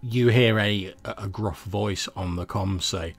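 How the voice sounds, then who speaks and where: A man's voice: on the low side, takes it slowly, gravelly, hardly any pauses, faint music behind. A man narrating as game master of a tabletop game, describing scenes with loose fillers.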